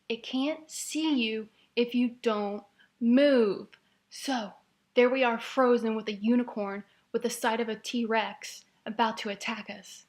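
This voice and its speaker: A woman with a slightly high voice tells a long story in a loose, offhand way. She rambles, restarts her sentences and drops dry asides as she goes. It sounds like relaxed, unscripted storytelling. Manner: rambling, wry, with fillers and restarts. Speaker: storyteller recounting a dream. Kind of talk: casual spoken storytelling.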